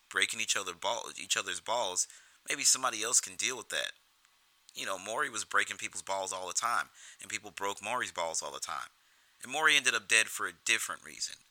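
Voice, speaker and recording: A man's voice: on the low side, sharp tone, no echo, low-quality recording. A man giving casual film commentary in a profane, rambling way, often restarting his sentences.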